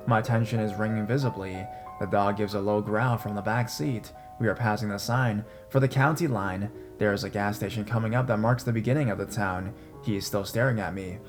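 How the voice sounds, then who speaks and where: A young adult man narrating a horror story in a measured, tense manner. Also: lowish voice, steady tone. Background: faint guitar music.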